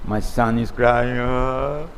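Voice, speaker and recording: A man's voice: fairly high pitch, measured pace. A man giving a scripture class, telling a personal story in a conversational way. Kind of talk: sermon with a personal anecdote.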